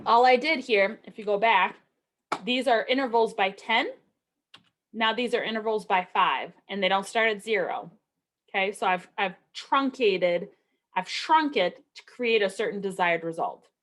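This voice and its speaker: A woman's voice: medium pitch, measured pace, fairly bright tone. Chatty woman teaching statistics. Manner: conversational, asks rhetorical questions, frequent okay and right. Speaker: statistics instructor. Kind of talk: recorded lecture.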